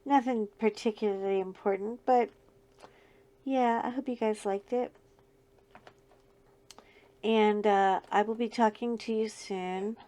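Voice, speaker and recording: A woman's voice: mid-range voice, steady tone, unhurried, pauses often, warm tone. A middle-aged woman with a scratchy voice, chatting casually and laughing often as she talks through her crafting. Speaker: crafting channel host. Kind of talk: casual chat while diamond painting.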